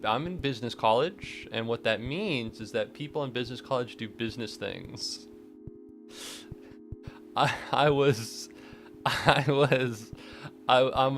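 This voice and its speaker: A young man streaming live, rambling through jokes and self-deprecating asides with the odd curse. His voice sits at an ordinary middle pitch, and faint music plays underneath. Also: a bit bright. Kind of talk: casual live-stream chat while gaming.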